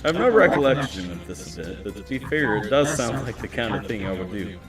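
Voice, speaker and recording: Animated male streamer reading a scary story. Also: medium pitch, a little fast. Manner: chatty, breaks off to talk to viewers. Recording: roomy echo, distant mic, music behind.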